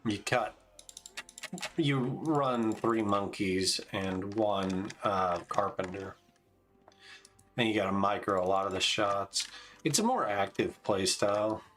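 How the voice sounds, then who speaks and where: A man's voice: on the low side, slow pace, a bit bright, soft background music. A man in his forties streaming a game, chatting casually and calling out tactics as he plays. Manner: laid-back, chatty, calls out tactics between stories. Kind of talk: casual gameplay commentary.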